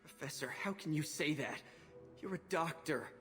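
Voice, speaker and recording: A man's voice: fairly high pitch, normal speed, fairly bright tone, faint music behind, natural voice. An actor voicing an earnest, idealistic young male doctor in a video game. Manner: earnest, pleading.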